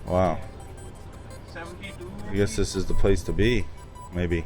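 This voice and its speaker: A man's voice: low-pitched, fairly even intonation, slow pace, darkish tone, soft background music. A man filming a casual travel vlog, chatting about what he sees as he walks around. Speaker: travel vlogger. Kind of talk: casual vlog commentary while walking.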